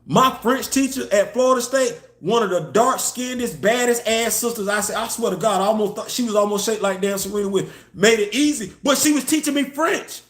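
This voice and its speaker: A man's voice: high-pitched, brisk, few pauses, a bit bright. A man hosting a casual live online show, talking emphatically, firing off rhetorical questions and answering viewer chat. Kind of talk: casual live-stream commentary. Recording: echoey room.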